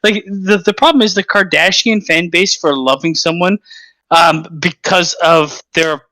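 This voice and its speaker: A man's voice: sits high, fairly even intonation, measured pace, pushed and bright, no echo. A man in a casual call chat, giving crude, mocking opinions.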